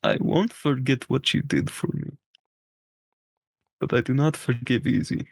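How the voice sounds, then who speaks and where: A man doing a blunt, distrustful gladiator with a formal, clipped way of talking. The voice sits at a mid pitch and is heard dry and close. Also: a little slow, creaky, a little mellow, husky, no room sound. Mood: cold. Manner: stiff formal speech without contractions.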